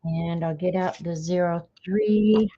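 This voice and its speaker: Warm and lowish, her voice stays fairly even and moves at a slow pace. The middle-aged woman hosts an art livestream, chatting casually and thinking aloud while she draws. Audio quality is dull and lo-fi.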